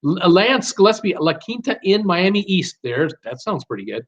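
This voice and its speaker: A man's voice: high voice, big pitch swings, normal speed. A middle-aged man hosting a live stream, casually reading out viewer comments and answering them with many fillers and restarts. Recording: dull lo-fi stream audio.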